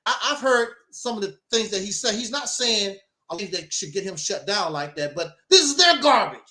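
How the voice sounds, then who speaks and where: High, bright-voiced preachy man. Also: normal speed, echoey room. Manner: preachy, emphatic, mocking asides. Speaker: host. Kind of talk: opinionated talk show monologue.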